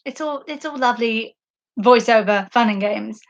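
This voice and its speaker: A woman's voice: fairly high pitch, moderate pace, highs cut off. A young woman hosting a podcast live stream, chatting casually and enthusiastically in a rambling way, full of fillers, on a basic microphone. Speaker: podcast host. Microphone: basic makeshift microphone.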